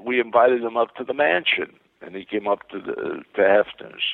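An older man spins long anecdotes as an interview guest, his gravelly voice tumbling through restarts and repeated words. The sound is dry and thin, like a phone line. He talks at a middling pitch, carried along by excitement. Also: normal speed, no room sound. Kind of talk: rambling anecdotal storytelling.

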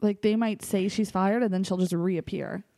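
Mellow-voiced woman, dry studio sound. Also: medium pitch, fairly even intonation, normal speed, no room sound. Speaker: podcast co-host. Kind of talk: casual chat. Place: home studio.

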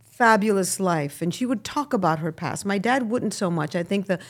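A middle-aged woman from Miami, a guest actress, chatting casually in an interview and telling animated stories with frequent laughs. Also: mid-range voice, normal speed. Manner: animated storyteller, laughs often, lively asides.

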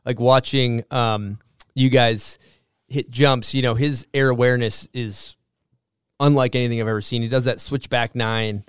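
A man's voice: medium pitch, steady tone, moderate pace, smooth, no echo, studio quality. A man hosting a podcast, asking chatty, admiring questions with some fillers. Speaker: podcast host. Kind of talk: casual podcast interview.

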